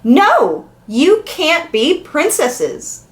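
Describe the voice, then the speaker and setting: A woman voicing a cranky little girl who whines and shouts her refusals in a children's storybook. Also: high voice, huge pitch swings, drawn-out words, pitched above the performer's own voice, heavily acted. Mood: bossy. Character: cranky little girl having a grumpy day.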